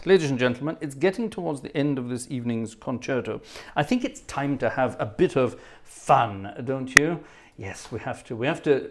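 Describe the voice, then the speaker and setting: A man hosting a livestream, telling anecdotes in a chatty, self-deprecating way between pieces of music. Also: mid-range voice. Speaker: livestream host and organist. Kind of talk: casual chat.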